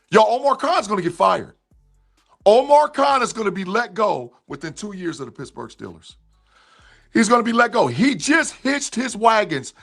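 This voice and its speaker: Guy going off on a sports stream, high sharp voice, keeps repeating himself. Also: gravelly. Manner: fired up, repeats points, answers chat by name. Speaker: sports streamer reacting to live chat. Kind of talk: heated sports rant.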